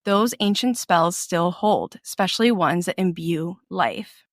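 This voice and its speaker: A young woman co-hosting a book podcast, chatting casually with many fillers and lively retellings. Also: fairly low pitch, measured pace, dry recording, clean studio sound. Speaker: podcast co-host.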